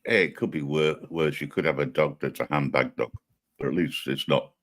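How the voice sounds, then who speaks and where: A man's voice: very deep voice, fairly even intonation, moderate pace, fairly bright tone. A man co-hosting a casual livestream chat, rambling with many ums, chuckling and teasing dryly. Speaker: livestream co-host.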